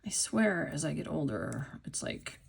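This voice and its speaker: A woman's voice: sits low, wildly swooping pitch, a little slow, gravelly, slightly rough. A middle-aged woman with the hiccups, casually narrating her papercraft work, thinking aloud and often dropping to a whisper. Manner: chatty, thinking aloud while working; drops to soft whispers as she works. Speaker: papercraft video maker.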